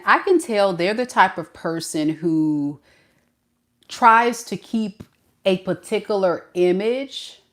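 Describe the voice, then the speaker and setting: Lively, low-voiced woman reading tarot. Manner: animated, laughing, acts out the other person's thoughts. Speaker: tarot reader.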